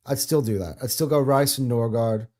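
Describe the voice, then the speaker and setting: A man's voice: medium pitch, normal speed, a little mellow. A man co-hosting a casual football talk show, hesitant, with lots of ums and short laughs. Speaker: podcast co-host.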